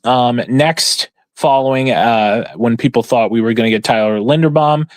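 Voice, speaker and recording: Male sports podcast host, casual and rambling, lots of fillers, mid pitch, dry close sound. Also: normal speed, dry recording, poor audio. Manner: rambling, filler-heavy, opinionated. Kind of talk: casual sports talk commentary.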